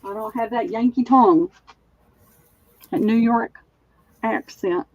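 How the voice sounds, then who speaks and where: A woman's voice: fairly high pitch, slow, no echo, low-quality recording. A woman with a Southern accent hosting a live online sale, chatting as she describes linens in detail. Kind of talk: live-stream selling chat.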